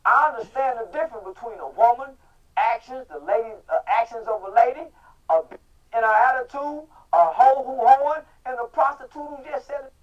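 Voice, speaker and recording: Guest spot: high-voiced, middle-aged man, brash and shouty, on a muffled far-off mic. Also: a little fast. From Texas. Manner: loud, profane, bursts into shouting. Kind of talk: casual interview. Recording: muffled audio from a distant mic.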